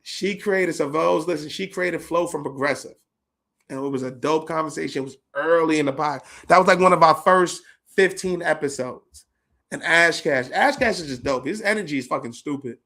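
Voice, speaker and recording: High-voiced New man telling stories. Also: moderate pace, vocal fry. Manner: animated, slangy, profane storytelling with laughs. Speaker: podcast host. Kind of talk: casual reminiscing monologue.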